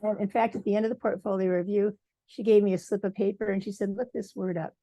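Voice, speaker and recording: A woman from Michigan, a textile artist, giving a lively personal talk at a symposium and acting out quoted dialogue. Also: medium pitch, fast, no room sound. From Michigan, USA. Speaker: guest speaker, textile artist.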